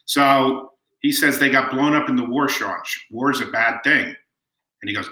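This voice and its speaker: A middle-aged guest in an interview relates family stories at a moderate pace, his mid-range voice warm as he quotes the people involved. The audio sounds roomy and is of poor quality.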